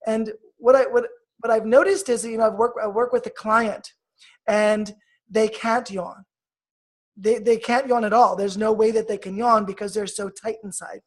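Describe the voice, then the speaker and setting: A woman with a fairly high voice talks as a healer guest in an interview. She coaches in a soft, measured tone, slowing down to guide the listener. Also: fairly even intonation. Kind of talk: guided meditation and explanation.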